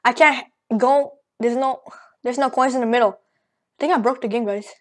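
A woman rambling excitedly through casual gameplay commentary, out of breath and joking as she goes. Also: on the high side, normal speed. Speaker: gaming channel host. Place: at home at a computer.

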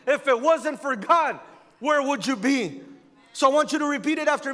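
A man's voice: extremely high pitch, a little fast, fairly bright tone. A male pastor preaching a fervent sermon in a church, driving his points home by repeating phrases. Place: church sanctuary. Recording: long church hall reverb.

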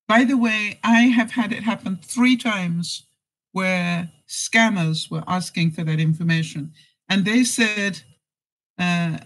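On a low-quality recording, she speaks slowly at medium pitch with a slightly bright tone. This life-advice vlogger chats casually to camera, narrating stories, dramatizing phone calls, and laughing in between her points.

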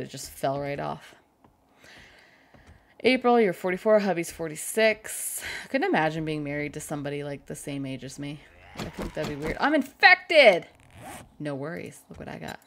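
Woman, low voice, raspy fry, joking game-stream chatter. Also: normal speed, slight background noise. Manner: chatty, crude joking, talks to chat. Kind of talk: casual live-stream commentary.

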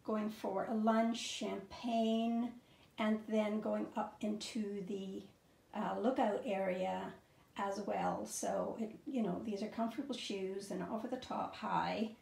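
A woman's voice: medium pitch, fairly even intonation, takes it slowly, vocal fry, a little mellow, echoey room. A middle-aged woman showing outfits and perfumes in a home vlog, gushing and enthusiastic, with plenty of fillers. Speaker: fashion and fragrance vlogger. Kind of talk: casual show-and-tell vlog. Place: bedroom at home.

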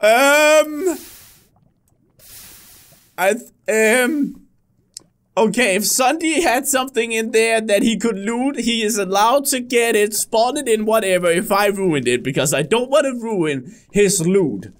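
Excitable high-voiced gaming host man. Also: measured pace. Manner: excitable, yelps and laughs at surprises. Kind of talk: casual gaming commentary.

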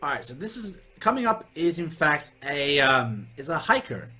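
A young man commentates his own gameplay, bursting into profane outbursts at the game. His voice sits high and bright, swooping wildly in pitch. Faint game music plays behind him. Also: normal speed. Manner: excitable, profane, yelling at the game. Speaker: let's play host.

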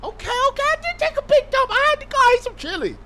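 A man hosting a horror gaming video, joking loudly and often shouting with excitement. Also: extremely high pitch, quick pace, very noisy. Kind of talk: horror game commentary.

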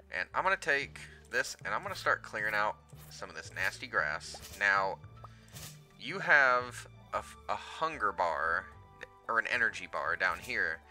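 A man's voice: sits low, pushed and bright. A man hosting a let's play, casually explaining the game as he plays with lots of ums. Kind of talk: gameplay commentary.

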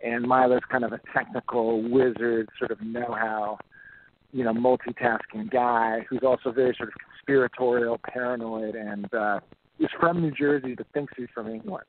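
Texan actor guest, loose and chatty, middle-pitched, heard through a tinny phone line. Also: male voice, moderate pace. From Texas, USA. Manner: relaxed and chatty, many fillers. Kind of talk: phone-in interview chat.

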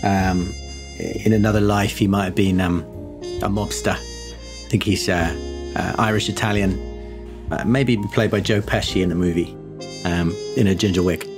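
A man narrating a tabletop game as game master, relaxed and full of fillers. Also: deep voice, moderate pace, long pauses, over music.

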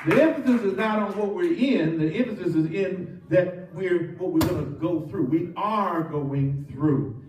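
A man's voice: high voice, moderate pace, few pauses, noisy background. A man preaching a sermon as pastor, leading his congregation to repeat phrases back to him. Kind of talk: call-and-response sermon. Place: church sanctuary. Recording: echoey church, mic from some distance.

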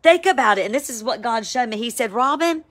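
A woman, giving a casual, emphatic spoken devotional, with sudden excited high cries. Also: a little fast. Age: 50s. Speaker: Christian devotional vlogger. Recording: home, with a siren outside.

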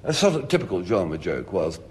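A man on an archival radio comedy panel, delivering a humorous talk on jokes in a lively anecdotal storytelling style. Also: deep voice, brisk. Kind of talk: humorous lecture with told jokes. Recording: archival broadcast recording.

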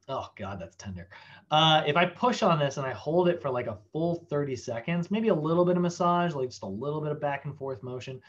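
A man giving a casual fitness class lecture, chatty and animated, acting out body parts in silly voices. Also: mid-range voice, dull audio. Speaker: fitness instructor.

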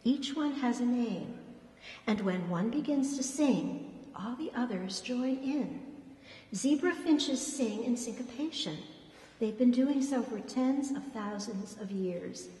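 A composed young woman with an even, kindly way of speaking and a quiet ironic edge, as a woman reader gives her voice. The reading sits in a roomy hall with a long tail of reverb. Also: a little high, slow pace, voice pushed up. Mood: tender. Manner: even, kind, gently mocking. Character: calm, ironic young woman bird lover.

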